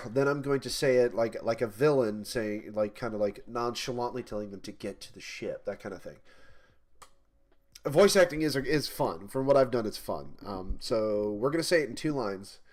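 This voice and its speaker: A man's voice: mid-range voice, lively intonation, normal speed. A man who develops indie games, chatting casually on a livestream and rambling with fillers and restarts, with his mic held off to the side. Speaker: indie game developer streaming. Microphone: mic held off to the side, no pop filter. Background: faint music.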